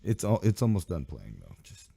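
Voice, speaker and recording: A man's voice: low voice, wildly swooping pitch, moderate pace, gravelly, mellow, breathy edge, dry recording. A man hosting a live radio show in loose, rambling, profane banter, his voice sick. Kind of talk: casual live stream and radio chat.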